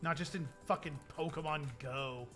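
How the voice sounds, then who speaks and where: A young man hosting a livestream, chatting casually in an excitable, rambling way. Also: a little high, moderate pace, faint music behind. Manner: excitable, rambling, laughs often. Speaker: livestream host. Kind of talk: casual stream chat.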